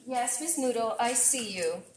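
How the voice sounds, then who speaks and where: A woman's voice: fairly high pitch, a little slow, a little hiss or hum, poor audio. Chatty woman chef on a live cook stream. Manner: chatty and excitable, greeting viewers and her pet. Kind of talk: casual live-stream chat while cooking. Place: home kitchen. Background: faint frying and sizzling.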